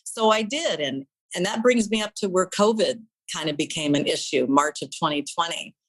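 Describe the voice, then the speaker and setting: A woman's voice: lowish voice, moderate pace, low-quality recording. A middle-aged woman, a guest in an interview, telling her story in an earnest, heartfelt way.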